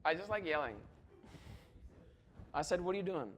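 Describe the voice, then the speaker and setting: A man lectures on university physics in a lecture hall, his voice sitting high with lively intonation, a moderate pace, and a slightly bright tone, plus a little hiss or hum. Chatty and joking, he works through equations and checks in with "right?"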